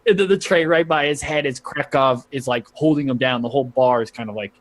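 A man's voice: mid-range voice, brisk. A man narrating as game master of a tabletop role-playing game, rambling with frequent fillers and laughter.

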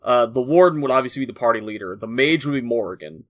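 A man's voice: mid-range voice, expressive, fast, dry recording, studio quality. A man co-hosting a casual podcast, rambling and joking as he talks. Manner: rambling and joking, laughs often. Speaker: podcast co-host.

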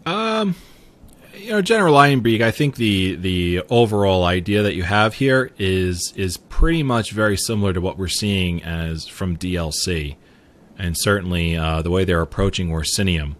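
A man's voice: low voice, lively intonation, normal speed, a bit bright. A man hosting a casual podcast, hesitant and repeating words with fillers. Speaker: podcast host.

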